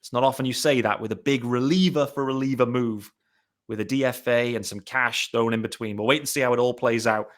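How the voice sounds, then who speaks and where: A man's voice: medium pitch, steady tone, brisk. A man from Britain hosting a podcast, friendly and chummy as he wraps up the show. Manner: friendly, chummy wrap-up talk. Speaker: podcast host. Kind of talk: casual chat.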